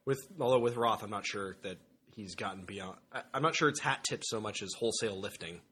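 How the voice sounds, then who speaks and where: A man co-hosting a podcast in casual chat, halting and repeating words as he talks. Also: fairly low pitch, bright, forceful tone, slightly rough. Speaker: podcast co-host.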